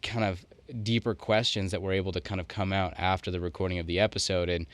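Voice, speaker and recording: Male podcast co-host: very deep, resonant voice, loose run-on musing. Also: little pitch movement, quick pace, no echo. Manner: loose, thinking aloud in long run-on sentences. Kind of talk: casual podcast chat.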